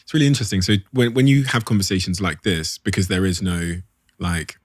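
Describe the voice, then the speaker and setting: A man's voice: low voice, lively intonation, fairly quick, no echo, studio quality. A man hosting a podcast, asking curious questions and agreeing readily. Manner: curious, agreeable, frequent "yeah". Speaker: podcast host. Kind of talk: casual interview.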